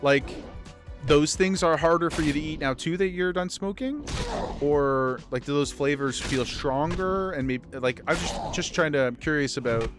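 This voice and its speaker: A man's voice: on the high side, expressive, normal speed, music in the background. Rambling male streamer chatting with viewers. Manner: rambling, restarts sentences, talks to chat. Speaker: livestreamer. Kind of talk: casual chat with viewers while gaming.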